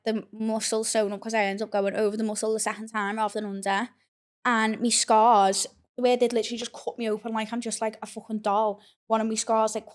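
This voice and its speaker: A young woman talks candidly in a casual confessional, her voice sitting a little high but held in a flat, narrow band. She is blunt, swears freely and leans on "like" as she goes. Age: young adult. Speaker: podcast host.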